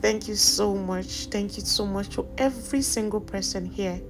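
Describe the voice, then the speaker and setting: A woman with a Nigerian accent, a cake baker vlogging, talking loudly and teasing, often laughing. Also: medium pitch, moderate pace. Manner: loud, teasing, bursts of laughter. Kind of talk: casual vlog chat. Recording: loud music and crowd behind.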